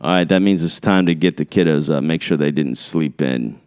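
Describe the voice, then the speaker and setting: A man's voice: a bass voice, moderate pace, darkish tone, clear, resonant tone. A middle-aged man hosting a podcast, rambling casually, jumping between topics and reading definitions aloud off the screen. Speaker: podcast host.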